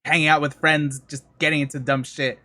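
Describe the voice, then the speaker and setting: Chill podcast guy, kinda high voice, rambly, dry close mic. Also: fairly quick, no echo. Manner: relaxed, rambling with fillers. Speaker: podcast co-host. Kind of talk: casual chat.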